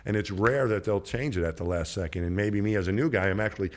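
Man around 60, podcast guest; very low voice; loose, rambling anecdote delivery that acts out quotes. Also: fast talker. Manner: rambling, conversational storytelling with many restarts. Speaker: podcast guest, former astronaut. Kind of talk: casual anecdote telling.

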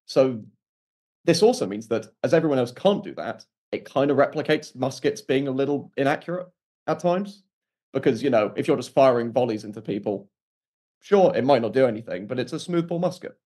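A man with an ordinary mid-range voice is a guest on a podcast. He explains things in a relaxed, easy way and breaks into laughs. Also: mid-range voice, a little fast. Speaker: guest game runner. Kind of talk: casual interview chat.

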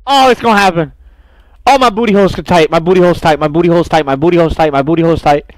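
A young man streaming a horror game, loud, profane and jumpy, talking to his chat and to the game characters. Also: fairly high pitch, very fast, dry recording. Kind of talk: horror game playthrough commentary.

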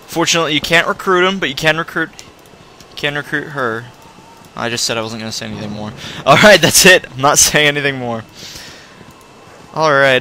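Brief: male let's-play host, bright tone, chatty and rambling with self-corrections. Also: mid-range voice, a little hiss or hum. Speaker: video game player.

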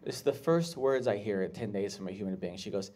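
A man doing a stand-up comedy set, talking in an awkward, halting way with restarts and jumping up into shrill voices when he quotes people. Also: warm tone. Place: comedy club stage with live audience. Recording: clear live audience laughter.

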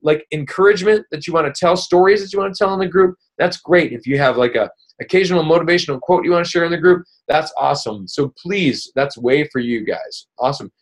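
A man's voice: on the high side, quick pace, few pauses. Upbeat rambling male team coach. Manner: upbeat, rambling, with many fillers and restarts. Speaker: team coach hosting a weekly call. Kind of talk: casual motivational coaching talk.

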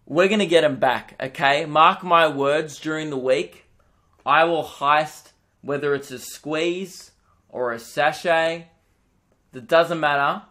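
A man's voice: on the high side, slow pace, sharp tone. A young Australian man hosting a solo comedy podcast, ranting with mock outrage and swearing.

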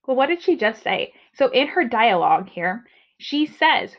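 A woman's voice: a little high, sing-song, unhurried. A woman teacher giving a reading lesson from home, explaining in a friendly way and checking in with frequent "okay"s. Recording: dull lo-fi recording.

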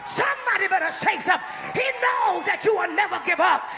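A woman preacher giving a sermon, shouting and drawing out her phrases to urge the congregation to answer back. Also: very high voice, expressive, some chatter behind. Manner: shouting call-and-response preaching, drawn-out emphatic phrases.

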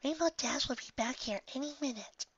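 A woman voicing a gentle, motherly female pegasus pony, speaking in a soft, breathy near-whisper, in a slightly muffled lo-fi recording. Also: sits high, fairly quick, no echo, voice pushed up, full character voice. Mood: tender, tearful.

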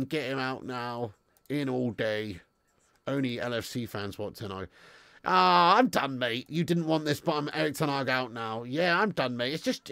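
A man's voice: mid-range voice, vocal fry, a bit bright, dry recording. A young man hosting a live football watch-along, reading out viewer comments and sounding frustrated, blunt and given to casual swearing. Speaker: football fan channel host.

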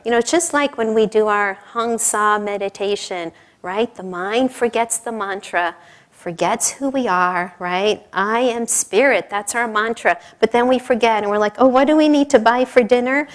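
A woman's voice: medium pitch, normal speed. A middle-aged woman telling a personal story in an informal sermon, chatty, with frequent laughs and asides. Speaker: speaker at a spiritual service.

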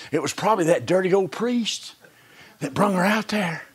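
During a church service, a man preaches a folksy sermon packed with rhetorical questions, swinging from hushed whispers to shouts. His voice sits high and slightly rough, moving at a moderate pace.

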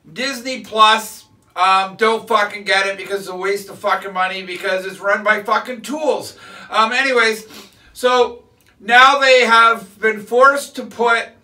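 A man's voice: very high voice, sharp tone, far from the mic, rough recording. A man hosting his own video blog, ranting bluntly and angrily with constant swearing. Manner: blunt, angry, heavy swearing. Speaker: vlogger host. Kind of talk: profane ranting monologue.

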